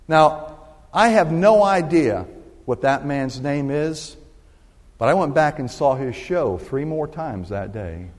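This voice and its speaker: An older man in his sixties delivers a sermon, his voice a touch higher than most and swinging widely in pitch as he tells stories and calls for the congregation to answer back. A long reverb hangs after each line, as in a large church hall. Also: darkish tone. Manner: storytelling, call-and-response with the congregation. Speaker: pastor. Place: church sanctuary.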